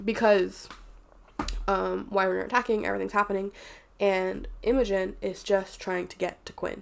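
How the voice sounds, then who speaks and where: A woman's voice: mid-range voice, vocal fry. A woman who is a candid, rambling book reviewer, swears freely, casual vlog delivery.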